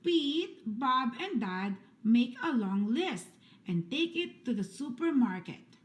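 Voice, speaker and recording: A woman reads a picture book aloud for children, taking her time over each line. Her voice is fairly high and swoops up and down with lively, sing-song emphasis. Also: takes it slowly. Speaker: storybook reader.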